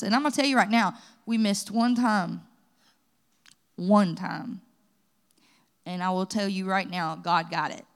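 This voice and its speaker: A woman from the pastoral staff with a Kentucky accent, preaching at a church Bible study and mixing personal testimony with scripture. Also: a little high. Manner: lively storytelling, rising to exhortation. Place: church sanctuary.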